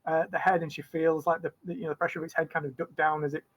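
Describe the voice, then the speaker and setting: A man running a tabletop game as game master. His voice sits a little high, and he narrates in a loose, rambling way with lots of fillers and restarts. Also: little pitch movement, very fast, lo-fi sound.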